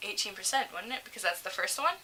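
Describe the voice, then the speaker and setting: A young woman with a very bright, sharp voice chats casually and laughs through her stories, swearing as she goes. A faint hiss sits under the recording. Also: medium pitch, lively intonation, fast, poor audio. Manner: giggly, profane storyteller. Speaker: co-host. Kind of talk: casual chat.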